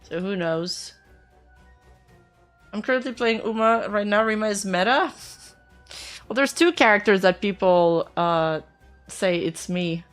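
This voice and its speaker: A woman's voice: medium pitch, lively intonation, unhurried, pauses often, faint music behind. A woman streamer chatting casually as she reacts to news, laughing often and speaking bluntly. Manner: laughs often, counts under her breath, blunt and sweary. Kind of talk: casual live-stream chat.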